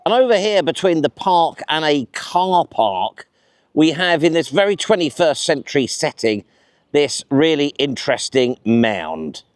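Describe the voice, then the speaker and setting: A man with a fairly high, very animated voice, presenting a vlog outdoors in a park. He is chatty, enthusiastic and pokes fun at himself. The sound is dry and close, with little reflection. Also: measured pace, no echo. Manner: chatty, enthusiastic and self-mocking. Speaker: vlog host. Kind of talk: presenting to camera.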